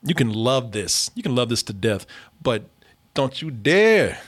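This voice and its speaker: A man's voice: mid-range voice, very animated, unhurried. An American man hosting a casual, profane comedy podcast, laughing often. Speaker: podcast host reviewing a series.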